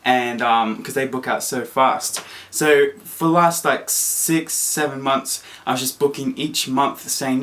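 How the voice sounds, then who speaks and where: A young man telling a story to camera in a casual, excitable vlog, full of fillers and acted-out quotes. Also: mid-range voice, normal speed. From Australia. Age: young adult. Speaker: vlogger.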